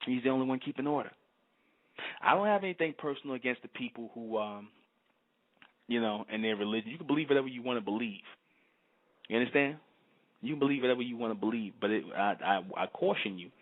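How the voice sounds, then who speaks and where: A man in a fervent monologue, emphatic and repetitive, often asking if the listener understands. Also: on the low side. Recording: tinny phone-like sound.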